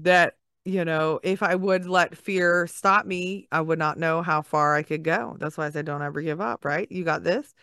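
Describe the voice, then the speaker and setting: A woman's voice: on the low side, a bit bright, clear, resonant tone, no room sound, studio quality. A woman hosting a podcast, talking in an upbeat, gushing, encouraging way with lots of fillers. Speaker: podcast host. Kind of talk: casual podcast monologue.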